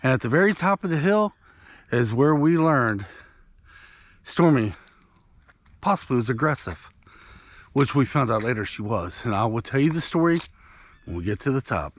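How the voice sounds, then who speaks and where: A man's voice: medium pitch, sing-song, moderate pace, long pauses, dry recording. A man vlogging outdoors on a country walk, telling a rambling, conversational story to his viewers. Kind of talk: casual storytelling while walking.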